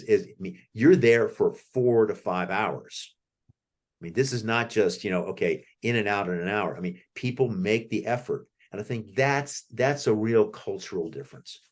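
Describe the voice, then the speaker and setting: An American man as the author guest in an interview, telling rambling anecdotes with many restarts. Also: lowish voice. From United States. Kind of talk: conversational interview.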